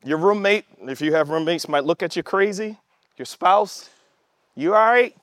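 A man preaching a sermon, emphatic, calling out to the congregation and shouting at the peaks. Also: fairly high pitch, moderate pace, dry recording. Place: church service with online audience.

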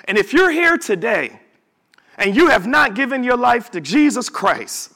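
With an extremely high pitch and very animated delivery, a male pastor gives a sermon to his congregation at a measured pace. He lengthens words for emphasis, erupts in sudden shouts, and drops casual asides to the listeners.

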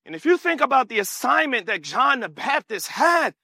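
A man preaching a sermon with animated call-and-response and bursts of shouting. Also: very high-pitched, normal speed, dry recording, clean studio sound.

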